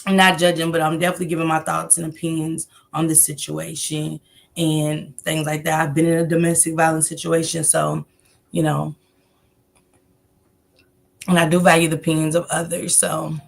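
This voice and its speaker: A woman's voice: low voice, level tone, moderate pace, gravelly. A woman hosting a casual livestream, greeting viewers by name and rambling loosely between comments. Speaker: livestream host.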